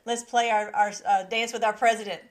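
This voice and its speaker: A woman's voice: on the high side, little pitch movement, brisk, over loud music. A woman hosting a casual live stream from her laptop, emotional and giggly as she greets her chat. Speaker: livestream host. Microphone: laptop mic.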